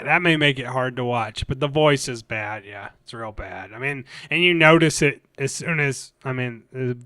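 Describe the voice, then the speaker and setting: A man's voice: medium pitch, pushed and bright, smooth, dry recording, clean studio sound. A man co-hosting a casual movie podcast, rambling with restarts and trailing off. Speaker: podcast co-host.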